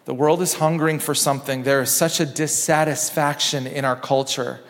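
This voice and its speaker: A man preaching a sermon in a church, impassioned, repeating phrases and dropping low and soft for emphasis. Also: steady tone, moderate pace. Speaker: pastor. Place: church sanctuary. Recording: long reverb of a church hall.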